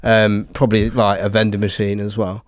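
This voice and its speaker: A man's voice: lowish voice, monotone, normal speed. A young man co-hosting a casual comedy podcast, rambling and giggling, often trailing off into mumbles. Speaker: podcast co-host.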